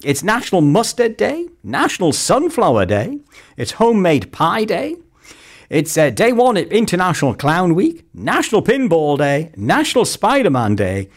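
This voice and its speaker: A man's voice: huge pitch swings, moderate pace, soft background music. A man presenting a weekend local radio show in a chatty, jokey way from a studio mic. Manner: chatty and jokey, pitch leaping up and down. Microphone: close studio mic.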